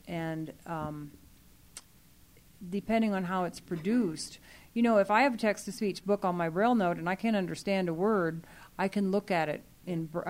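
A woman's voice: on the low side, a little mellow. Earnest woman explaining at a meeting. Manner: earnest, explanatory, many fillers. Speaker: library program staff speaking to a user group. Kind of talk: meeting discussion.

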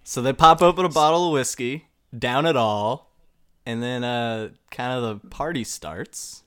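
A man's voice: mid-range voice, a little slow, fairly bright tone, clear, resonant tone. A young man adding to an improvised story with friends, laid-back and hesitant. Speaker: player in an improvised game.

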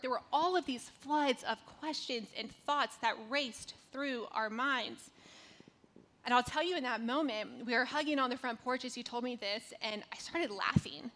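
A woman's voice: sits high, moderate pace, bright, forceful tone. A woman in her thirties from North Carolina giving a conversational devotional talk, telling a personal story with casual fillers.

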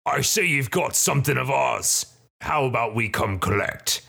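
A man's voice: mid-range voice, expressive, normal speed, creaky, bright, forceful tone, slightly rough, voice pushed up, exaggerated voice. A man playing a cocky hobgoblin gang leader. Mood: smug. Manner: cocky, taunting.

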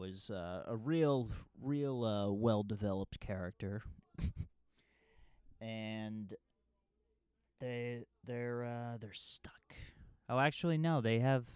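A man's voice: lowish voice, creaky, a little mellow, clean tone, no room sound. A man recapping a movie in a casual, rambling, jokey way with lots of fillers. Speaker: movie reviewer.

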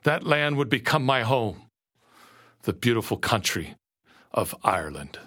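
A man narrating a first-person story slowly and earnestly, dropping to a hush at moments. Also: mid-range voice, very animated. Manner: slow, earnest storytelling with quiet hushed moments.

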